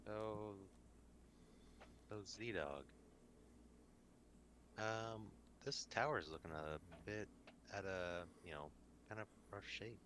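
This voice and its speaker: A man's voice: on the low side, takes it slowly, long pauses, fairly bright tone. A man playing a tabletop game, chatting in a laid-back, joking way. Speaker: player. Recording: noisy background.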